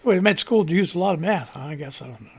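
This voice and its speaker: Missouri guy rambling on his live radio show, laughs a lot, pitch bouncing all over the place. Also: lively intonation, fast talker, vocal fry, breathy edge. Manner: rambling, laughs often, swears casually. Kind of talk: casual live-stream chat reading social media posts.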